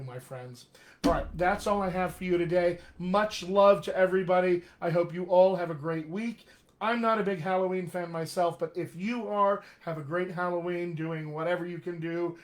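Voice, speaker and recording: Male dialect coach on a live stream, fairly high voice, friendly and chatty. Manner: chatty, upbeat, calls viewers "my friends". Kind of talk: live-streamed teaching session.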